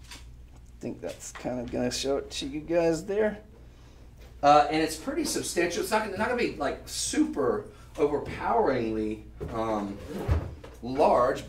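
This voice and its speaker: A man hosting a live shopping show, chatting on and piling up descriptive words as he pitches. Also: recorded from a distance, a little hiss or hum. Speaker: shopping channel host. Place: shopping channel studio. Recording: roomy sound, voice off-mic.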